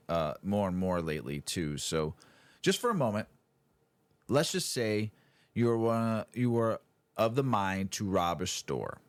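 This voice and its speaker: Deep-voiced man presenting a podcast segment. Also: no room sound. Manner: poses playful rhetorical questions. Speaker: podcast co-host. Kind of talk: presenting a prepared news segment.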